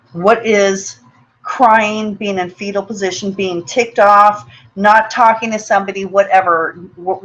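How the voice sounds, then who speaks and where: Woman, webinar host, earnest motivational talk, mid pitch, muffled lo-fi audio. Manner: earnest and personal, repeats words, checks in with "okay?".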